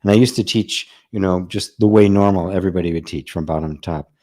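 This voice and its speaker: Relaxed man with a dark, mellow voice. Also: sits low, fast talker. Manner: relaxed and conversational, laughing often, with frequent "right?". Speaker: spiritual teacher and host. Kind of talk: casual live-stream talk with viewer comments.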